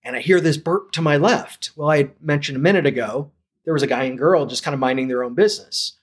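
A man from St. Louis telling his story as a podcast guest, animated and acting out the lines of people he quotes. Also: a little high, fast talker, husky. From St. Louis, USA. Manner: animated, acts out quoted dialogue. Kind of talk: casual storytelling.

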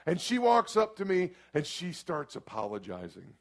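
A middle-aged man, preaching a storytelling sermon that swings from hushed asides to sudden shouts. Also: on the high side, huge pitch swings, moderate pace. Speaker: pastor.

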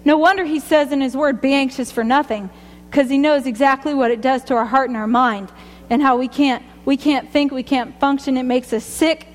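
A woman's voice: high-pitched, fairly even intonation, normal speed, in a large hall. A woman sharing a personal faith testimony, rambling and chatty, often laughing at herself. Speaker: speaker giving a testimony.

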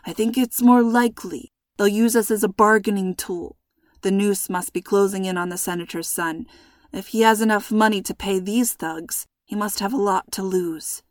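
A woman voicing a calm, protective father in a storybook reading, with a raspy, hushed and steady voice. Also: high-pitched, no echo, studio quality. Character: worried protective father, calm under threat.

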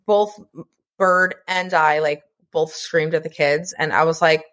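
A woman's voice: on the low side, expressive, measured pace, a bit bright. A woman co-hosting a podcast, chatting earnestly about motherhood and swearing casually now and then. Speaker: podcast co-host. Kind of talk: casual chat.

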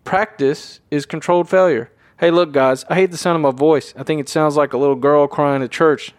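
A man's voice: on the high side, steady tone, a little fast, no room sound, clean studio sound. A man hosting his own show, talking off the cuff in a rambling, self-deprecating and emphatic way. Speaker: podcast host. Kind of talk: unscripted solo talk.

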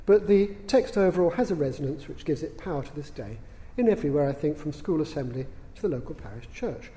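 A man giving a public lecture in a large hall, dry and witty, unhurried, with the odd filler. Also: on the high side, expressive, dark tone. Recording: reverberant hall sound.

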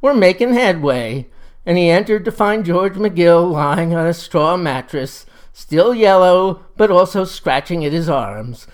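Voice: medium pitch, measured pace, hardly any pauses, clean tone. A storyteller narrating a folksy tale in a wry, leisurely way. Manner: wry, leisurely yarn-spinning.

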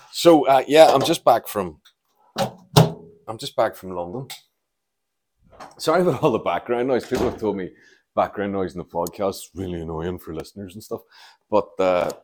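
A man's voice: sits low, background noise. A Northern Irish man hosting a casual solo podcast from home, telling sweary, jokey stories while doing chores around the house. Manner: rambling, sweary, jokey storytelling. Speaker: podcast host.

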